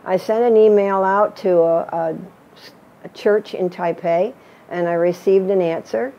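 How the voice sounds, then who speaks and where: Older woman, earnest testimony, mid-pitched voice, lo-fi sound. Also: fairly even intonation, a little slow, dark tone. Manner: earnest storytelling, acts out quoted voices. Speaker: missionary teacher. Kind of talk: personal testimony.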